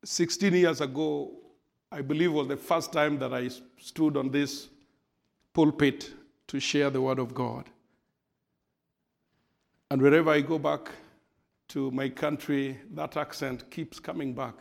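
A man with an African accent preaches at a deliberate, unhurried pace, his voice somewhat high and gravelly. He leans into key phrases with growing fervor, and the sound carries the long reverb of a church hall. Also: steady tone. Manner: slow, emphatic, rising in fervor on key phrases. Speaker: guest preacher. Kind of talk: sermon. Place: church sanctuary at a pulpit.

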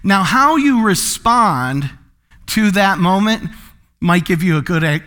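A man preaching a sermon, his voice pitched high for a man. He keeps it light and playful, slipping into quick comic voices to make his points. His tone is bright and forward throughout. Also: expressive. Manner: laughs often between points. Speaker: pastor.

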